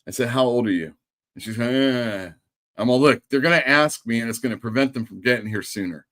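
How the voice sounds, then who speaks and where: A man's voice: mid-range voice, fairly quick, a bit bright. A man hosting a casual live stream, telling a story and acting out the people in it. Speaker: host.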